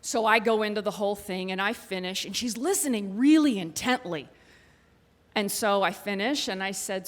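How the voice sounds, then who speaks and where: A woman in her thirties telling a personal story live on stage, animated and self-mocking, with punchy timing, into a handheld mic. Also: mid-range voice, moderate pace.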